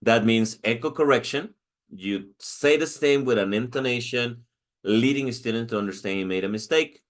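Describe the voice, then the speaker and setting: A man's voice: medium pitch, moderate pace. A man with a Mexican accent and Spanish as his first language, explaining a lesson as a teacher, with frequent restarts and "okay?" check-ins. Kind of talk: recorded lecture.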